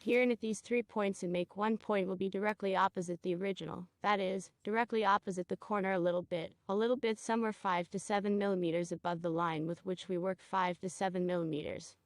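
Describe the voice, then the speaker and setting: A woman teaching a cosmetology procedure, guiding a student step by step and checking in with quick questions. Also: mid-range voice, fairly even intonation, no room sound, clean studio sound. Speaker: cosmetology instructor. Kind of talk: hands-on training demonstration.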